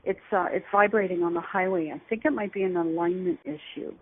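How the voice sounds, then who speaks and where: A woman's voice: medium pitch, expressive, brisk, creaky, breathy edge. A woman playing a polite, hesitant customer calling a garage about her car in a training skit. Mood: unsure. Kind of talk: scripted phone call skit. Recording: tinny phone line.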